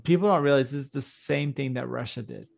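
A man's voice: mid-range voice, quick pace, vocal fry, a little mellow. A young man co-hosting a podcast in casual political chat, blunt and swearing, laughing often. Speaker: podcast co-host.

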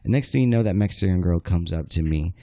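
A man's voice: low voice, animated, quick pace, dark tone, no echo, clean studio sound. A young man on a casual podcast, telling a crude story with lots of swearing and acting out the quoted lines.

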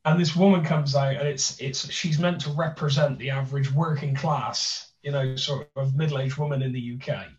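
A man's voice: mid-range voice, steady tone, normal speed, hardly any pauses. A young man with a thick Bristolian accent, chatting casually as a podcast host, rambling with many restarts and fillers. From Bristol, England. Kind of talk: casual chat. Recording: roomy, distant, dull sound.

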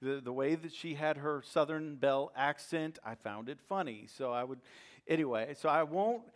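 A middle-aged man preaching a sermon, telling a humorous personal story in a lively, self-deprecating way. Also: fairly high pitch, normal speed. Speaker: pastor.

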